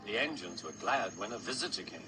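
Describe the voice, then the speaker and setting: A man narrating a children's train story in a lively, expressive storybook manner. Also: low-pitched, a little fast. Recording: loud background music.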